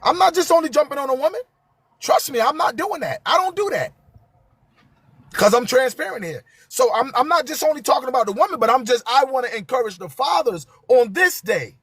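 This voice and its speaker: A man's voice: extremely high pitch, lively intonation, fairly quick, a bit bright, husky, no room sound. A man, hosting a live stream and talking to viewers with passion, repeating his key phrases for emphasis.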